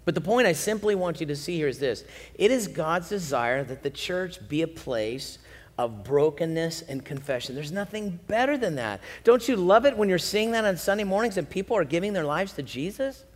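A man preaching a sermon from the pulpit, animated, swinging between loud emphasis and quiet, slow lows. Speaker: pastor. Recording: long hall reverb.

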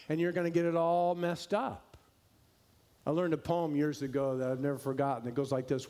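A pastor preaches to his congregation with a voice that sits somewhat high for a man. He leans hard on key words and stretches them out slowly. At times he sinks into a hushed, gentle delivery. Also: level tone. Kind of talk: sermon.

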